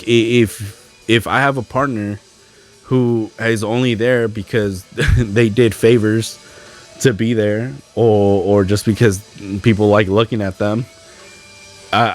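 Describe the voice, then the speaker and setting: A young podcast host rants alone in frustration, mocking the things other people have said. His voice is on the low side and measured in pace, with faint music playing behind him.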